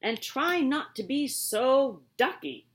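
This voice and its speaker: A woman's voice: sits high, big pitch swings, slow, voice pushed up, heavily acted. A woman voicing a fussy, stern grown male farmer, raised and insistent, in a picture book read-aloud.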